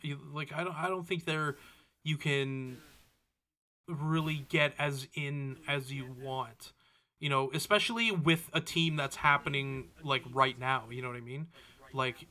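A man's voice: fairly high pitch, unhurried, bright, forceful tone. A man co-hosting a podcast in casual chat, often hesitating and restarting his sentences. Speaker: podcast co-host.

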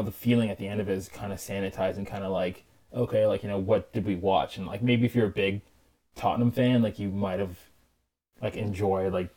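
A man with a low, mellow voice co-hosts a casual podcast chat. He rambles through skeptical opinions, leaning on lots of "like" and "you know". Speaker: podcast co-host.

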